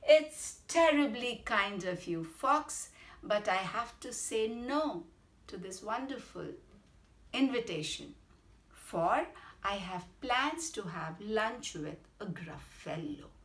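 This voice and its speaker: A woman with an Indian English accent voicing a clever, bold little male mouse in a children's story, bright and self-assured. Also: mid-range voice, animated, takes it slowly. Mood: polite. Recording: roomy echo.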